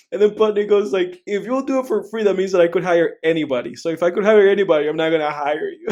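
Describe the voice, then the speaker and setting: A man's voice: high voice, fast, darkish tone. A young man co-hosting a film podcast, rambling casually, swearing, laughing often and acting out scenes. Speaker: podcast co-host. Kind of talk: casual chat.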